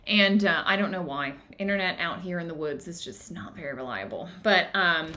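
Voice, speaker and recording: A woman hosting a book club livestream from home, telling a personal story in an animated, casual way. Her voice is bright and forward, and she slips into acted-out quotes as she goes. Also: fairly low pitch, moderate pace, a little hiss or hum. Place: home in the woods. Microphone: streaming device, live video.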